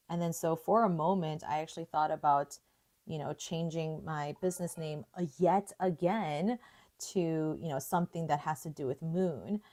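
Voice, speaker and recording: A young woman leads a live watercolor lesson in a relaxed, chatty way, musing aloud as she works. Her voice sits a little low, and she breaks into easy laughter between comments. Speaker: art tutorial host. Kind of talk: live painting tutorial chat.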